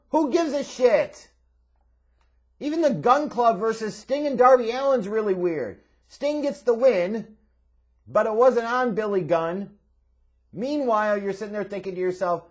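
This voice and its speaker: A man reviewing a wrestling show in a profane, sarcastic, exasperated rant. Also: high-pitched. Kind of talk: ranting video review.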